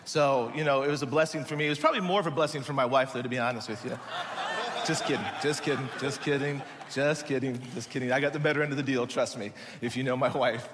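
A man telling a humorous mission trip story in a sermon, animated and joking with his audience. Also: mid-range voice, very fast, hardly any pauses, background noise. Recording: long hall reverb.

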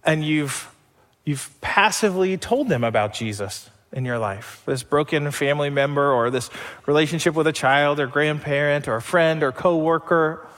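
A man's voice: on the high side, moderate pace, fairly bright tone, in a large hall. A man preaching a sermon as pastor, conversational, with rhetorical questions.

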